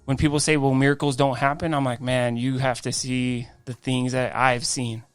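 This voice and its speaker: A man, a guest on a faith podcast, telling his life story in an animated way, acting out quoted dialogue. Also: mid-range voice, normal speed, clear, resonant tone, no echo. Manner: frequent restarts and "I'm like" quoting.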